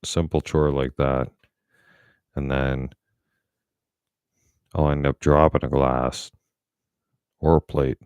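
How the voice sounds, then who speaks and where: A man's voice: rumbling low, little pitch movement, slow, pauses often, a little mellow, clean tone, no room sound, studio quality. A middle-aged man talking bluntly and profanely in a casual monologue. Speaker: vlogger.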